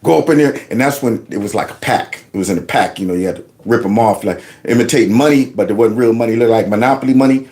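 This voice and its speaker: A man's voice: on the low side, fast, hardly any pauses, darkish tone. A man hosting his own livestream, talking loose and folksy and joking along. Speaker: livestream host. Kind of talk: casual live commentary.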